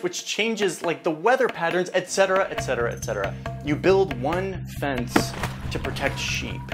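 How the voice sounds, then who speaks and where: A woman host giving a casual, jokey educational narration with chatty asides. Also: deep voice. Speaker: video essay host. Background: background music.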